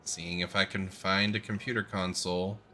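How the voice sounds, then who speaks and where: A man's voice: deep voice, little pitch movement, normal speed, pushed and bright, soft background music. A young man chatting easily as he plays a video game. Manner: easygoing, amused. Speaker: player streaming a game. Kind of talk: casual chat over gameplay.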